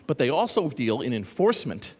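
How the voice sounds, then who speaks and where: Animated sarcastic man in an echoey hall. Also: medium pitch, a little fast. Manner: sarcastic, animated, rambling with asides. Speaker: conference speaker. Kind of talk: lively conference talk. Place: conference hall.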